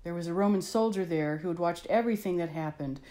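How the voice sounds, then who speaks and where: A woman's voice: lowish voice, fast, mellow. A woman telling a Bible story to children with expression, asking the listener questions along the way.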